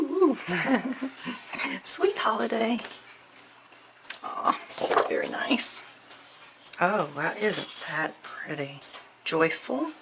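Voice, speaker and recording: A woman chatting through an unboxing, gushing softly and at times dropping to a near whisper. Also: medium pitch, creaky, noisy background. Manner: gushing, soft-spoken, often near a whisper. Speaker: crafting vlogger. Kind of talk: unboxing chat.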